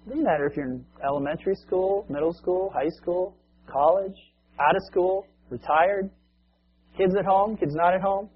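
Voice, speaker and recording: A male preacher telling a long story as a sermon illustration, in a conversational, animated way, on a muffled lo-fi recording. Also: high voice, normal speed, slightly rough.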